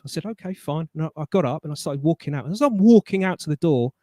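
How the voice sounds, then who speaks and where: A man's voice: fairly high pitch, expressive, fast, hardly any pauses, dark tone, no room sound, clean studio sound. Chatty Englishman stammering through a story. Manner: rambling anecdotes with stammered restarts. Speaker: guest. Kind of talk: casual storytelling chat.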